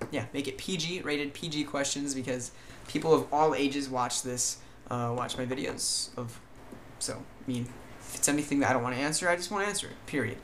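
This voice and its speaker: A man's voice: medium pitch, pushed and bright, a little hiss or hum. Tired rambling man in a put-on accent. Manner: hesitant and rambling, many fillers and restarts; puts on a vague mixed foreign-sounding accent. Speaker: vlogger. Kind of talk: casual chat to camera.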